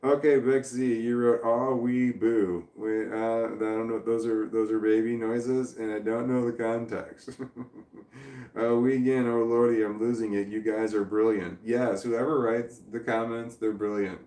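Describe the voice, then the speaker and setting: Guy on a livestream reading chat, lowish voice, chuckles a lot, rambles, echoey room. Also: level tone, moderate pace, mellow. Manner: rambling, chuckling often, trailing off mid-thought. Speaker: livestream host. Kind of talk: casual livestream chat, reading viewer comments.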